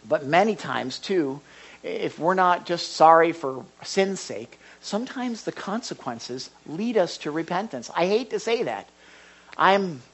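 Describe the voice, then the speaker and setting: An older man preaching as a pastor in a conversational sermon, acting out little dialogues and swinging between loud and hushed delivery. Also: on the high side, lively intonation, a little slow.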